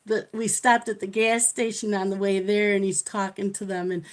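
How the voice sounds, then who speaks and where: A woman's voice: mid-range voice, steady tone, normal speed. A middle-aged woman hosting a live coloring stream, chatting casually and telling stories with frequent laughter. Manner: chatty storyteller who laughs often. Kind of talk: casual chat while coloring.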